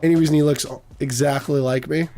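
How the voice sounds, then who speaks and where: A man's voice: a little high, steady tone, brisk, mellow, soft background music, close to an everyday voice. A man voicing a wisecracking male cat detective in a film-noir game, asking dry, joking questions.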